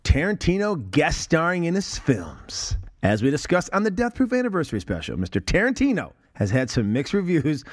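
A man's voice: mid-range voice, no room sound, clean studio sound. A man hosting a podcast, chatting casually about films and laughing often. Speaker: podcast host. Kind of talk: casual film discussion.

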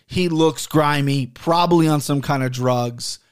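Brief: thirties male host, slightly high voice, animated and profane storyteller. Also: unhurried, clean tone. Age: 30s. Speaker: podcast host and sports betting handicapper. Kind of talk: casual storytelling monologue. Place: home studio.

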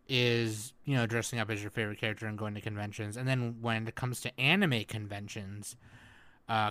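Bright-voiced joking man hosting a podcast. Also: mid-range voice, dry recording. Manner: joking, loud mock scolding. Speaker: podcast host. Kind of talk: casual podcast chat.

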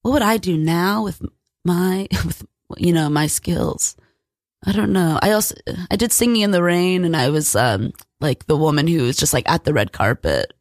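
A woman's voice: lowish voice, lively intonation, moderate pace, a little mellow, no echo, studio quality. A young woman chatting casually as a guest, with lots of fillers and frequent laughter. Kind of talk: casual chat.

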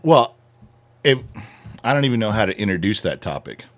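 A middle-aged man co-hosting a casual talk show, telling stories in an animated way and swearing freely. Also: lowish voice, fairly quick. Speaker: podcast co-host. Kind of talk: casual chat.

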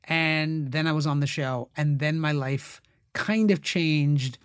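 A man's voice: a little high, slow pace, clear, resonant tone, no room sound, clean studio sound. A middle-aged actor guest in a casual interview, telling stories with lots of fillers and acting out the voices he quotes. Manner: animated, acts out quoted voices, many fillers.

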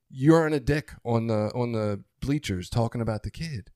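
A man's voice: mid-range voice, moderate pace, darkish tone, no room sound, studio quality. A man co-hosting a podcast, talking candidly and earnestly about his relationship, swearing freely. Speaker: podcast co-host. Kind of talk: candid conversational podcast talk.

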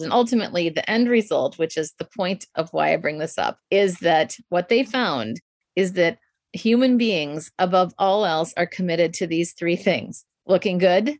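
Middle-aged female guest, communication coach, reflective, quick to laugh, dry close sound. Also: fairly low pitch, darkish tone, no echo. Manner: thoughtful, laughs often, reflective. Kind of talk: conversational interview.

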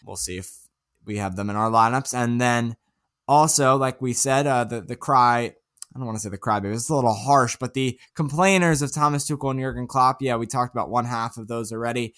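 A man's voice: medium pitch, brisk, a bit bright. A man co-hosting a casual sports podcast, who goes through his picks and ribs his co-host in a dry, teasing way.

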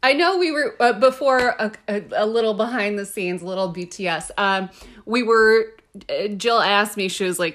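A woman's voice: medium pitch, moderate pace, fairly bright tone. A woman co-hosting a podcast in casual chat, reacting in an effusive, enthusiastic way. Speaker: podcast co-host.

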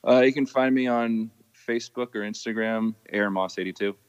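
A man's voice: fairly low pitch, brisk, clear, resonant tone, long reverb tail, highs cut off. A man as a podcast guest answering in short, easygoing replies. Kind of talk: casual interview chat.

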